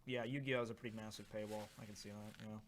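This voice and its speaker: A young man hosting a casual charity livestream, reading chat aloud and trying snacks with a rambling, animated manner. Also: fairly low pitch, fast, a little hiss or hum. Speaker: livestream host.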